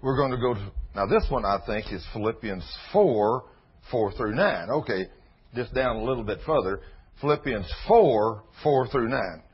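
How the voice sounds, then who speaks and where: Folksy preacher man, husky. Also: mid-range voice, expressive. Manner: folksy, reads scripture slowly and emphatically. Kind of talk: informal Bible teaching. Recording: dull lo-fi sermon recording.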